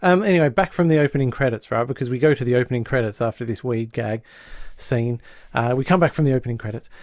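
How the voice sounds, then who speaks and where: A podcast co-host loosely recaps a sitcom episode in a casual chat, frequently breaking into quick impressions of the characters. His darkish, mid-range voice is recorded dry and close to the mic.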